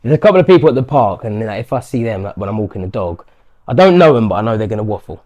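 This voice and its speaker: A man's voice: fairly low pitch, sing-song, rapid-fire, a little mellow, muffled recording. A man, a professional fighter, chatting casually in an interview and acting out what strangers say to him. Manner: chatty, acts out quotes of strangers. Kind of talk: casual chat.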